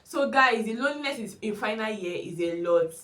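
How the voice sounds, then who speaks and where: A woman's voice: medium pitch, lively intonation, fairly quick, fairly bright tone. A young woman giving earnest, emphatic advice straight to her viewers in a casual vlog. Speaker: vlogger. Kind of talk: casual advice talk to camera. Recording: echoey room.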